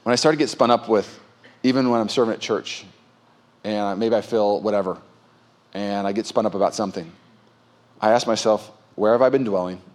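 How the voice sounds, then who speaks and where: A man's voice: on the low side, steady tone, a little fast, pauses often. A man in his thirties preaching a sermon as pastor, telling candid, self-mocking stories with sudden comic outbursts. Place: church stage.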